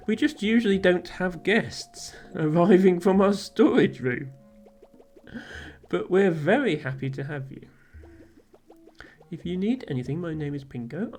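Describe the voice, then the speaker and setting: A woman's voice: low voice, dark tone, full character voice. A woman reading the lines of the polite youngest child of an innkeeping family, in a plain voice.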